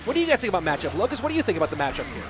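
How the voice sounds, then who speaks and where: A high-pitched American man commentates an esports match live. He chats easily with viewers between plays, and clear music plays behind him. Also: sing-song, very fast. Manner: chatty, reads out and answers viewer chat.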